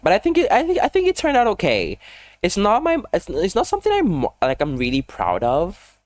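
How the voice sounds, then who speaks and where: A man talking casually over a game build video, rambling fast with lots of fillers and self-deprecating asides. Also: sits high, huge pitch swings, dry recording. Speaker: gaming YouTuber.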